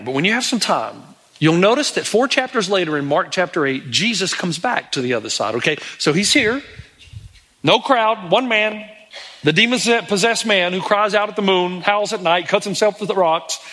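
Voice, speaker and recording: A middle-aged man preaching a sermon as a pastor, animated, acting out the pleading voices of people in the story. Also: high-pitched, normal speed.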